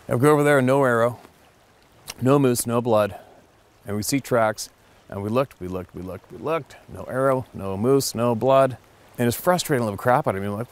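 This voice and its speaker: A middle-aged man with a slightly low voice tells a story in a loose, casual way. He is an experienced hunting guide who rambles, circles back and repeats himself, and his voice is animated throughout.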